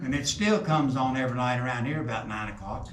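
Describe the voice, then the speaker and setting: A man's voice: mid-range voice, fast talker. A middle-aged man, leading a coal mine tour, who jokes with the group and tells folksy stories. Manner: folksy joking storyteller, quizzes the group. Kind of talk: guided tour talk to a group. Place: underground mine tunnel. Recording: echoey underground, voice from a distance, some noise.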